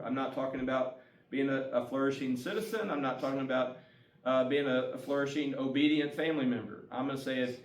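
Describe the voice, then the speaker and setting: A man's voice: mid-range voice, a little hiss or hum. A man giving a casual, folksy community talk as a guest speaker, often chuckling between points. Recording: echoey room, mic far off, guitar music.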